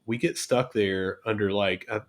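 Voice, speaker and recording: A man's voice: fairly low pitch, normal speed. Chatty man. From southern West Virginia. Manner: chatty, animated storyteller. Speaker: guest podcaster. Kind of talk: casual podcast interview.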